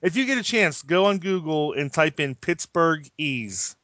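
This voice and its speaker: A man hosting a casual podcast, excitable and quick to laugh. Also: a little high, no room sound. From southwestern Pennsylvania, USA. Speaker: podcast host.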